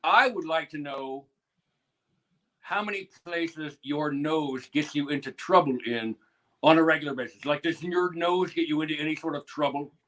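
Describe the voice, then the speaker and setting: A man's voice: on the high side, moderate pace, fairly bright tone, low-quality recording. A man from the Midwestern United States, a guest on a playful live-stream chat, speaking in a mock-earnest way.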